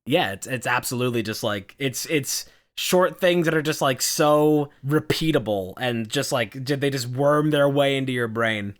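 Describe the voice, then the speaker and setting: A man co-hosting a podcast, chatting casually and excitedly about video games. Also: medium pitch, normal speed, hardly any pauses. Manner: excitable, quotes game lines. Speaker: podcast co-host. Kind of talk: casual chat.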